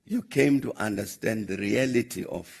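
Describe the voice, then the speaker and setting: An older South African man telling a long anecdote at a question-and-answer session, measured and pausing often with "uh" as he recounts conversations. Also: lowish voice, a little mellow. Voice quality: gravelly, husky. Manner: measured, recounting dialogue with frequent "uh" pauses. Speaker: former head of state answering questions. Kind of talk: anecdotal storytelling in a Q&A.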